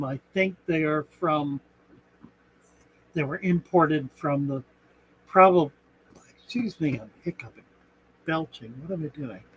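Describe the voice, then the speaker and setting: A man's voice: fairly high pitch, slightly rough, low-quality recording. A man hosting a casual aquarium live stream, rambling and thinking aloud, with a chuckle now and then. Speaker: aquarium channel host.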